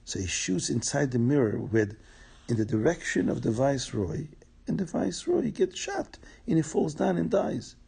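Brief: male folk-tale teller, dark husky voice. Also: medium pitch, very animated, moderate pace. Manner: plain, repetitive, explaining to listeners. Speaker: storyteller. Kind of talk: oral folk tale storytelling.

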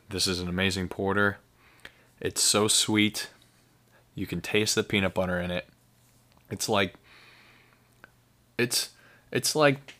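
A man's voice: deep voice, sharp tone. A man hosting a casual solo podcast, rambling enthusiastically with many fillers and restarts. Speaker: podcast host.

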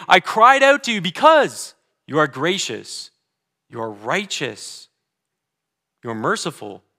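A pastor delivers a sermon in a bright, somewhat high voice. He is earnest, swinging from forceful declarations to hushed, deliberate readings of scripture. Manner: reads scripture slowly and deliberately.

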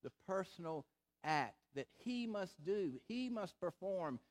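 Emphatic, fairly high-voiced male pastor preaching. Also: very animated. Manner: emphatic preaching with rhetorical questions and slowed, stressed phrases. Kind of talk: sermon.

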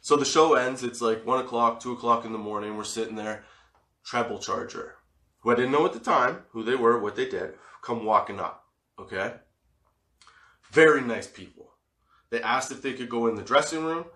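Man, podcast host, casual storytelling, swears a lot, laughs often, mid-pitched voice, echoey room. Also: normal speed, sharp tone. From Canada. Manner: profane, laughs often through his stories. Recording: roomy echo.

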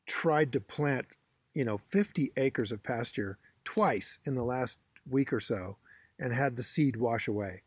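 A middle-aged man co-hosting a podcast, telling rambling stories in a casual, animated way. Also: medium pitch, dry recording. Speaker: podcast co-host. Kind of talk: casual chat.

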